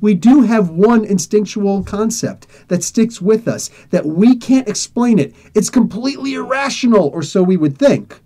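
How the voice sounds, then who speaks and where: A man hosting a podcast tells a personal story in a loose, casual way. His voice is mellow and warm, and his pitch rises and falls in lively swings. He acts out each exchange and laughs often as he talks. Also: normal speed, few pauses. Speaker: podcast host.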